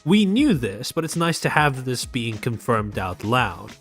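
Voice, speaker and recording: An Australian man streams and comments in a dry, mocking way, his pitch bouncing all over as he rambles on. Soft music plays faintly behind him. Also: big pitch swings, measured pace, hardly any pauses, slightly rough. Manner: sardonic, rambling. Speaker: streamer host. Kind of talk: casual live-stream commentary.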